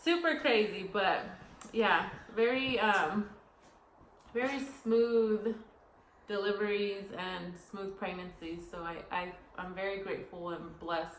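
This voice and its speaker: A woman's voice: mid-range voice, unhurried. Rambling woman telling a story, echoey room. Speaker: podcast co-host. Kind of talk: casual chat. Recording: echoey room, faint noise.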